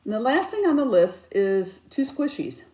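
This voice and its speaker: A woman in her fifties chatting casually about her crafts, with self-mocking, animated storytelling. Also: fairly high pitch, moderate pace. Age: 50s. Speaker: cross-stitch vlogger. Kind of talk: casual chat. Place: indoors, her craft room. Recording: echoey room.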